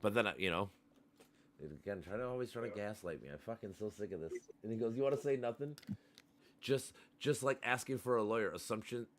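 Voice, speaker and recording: A low-voiced man hosts a casual livestream. He rants with heat, swearing often as he argues his point. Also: brisk, background noise. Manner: heated, profane ranting. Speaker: livestream host. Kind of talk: casual chat.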